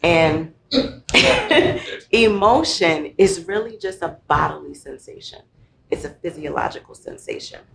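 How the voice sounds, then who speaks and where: A woman speaking as an expert guest, explaining emotions in a lively conversational way with everyday examples. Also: fairly low pitch, unhurried, gravelly, reverberant, poor audio. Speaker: guest, mental health professional. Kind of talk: conversational teaching.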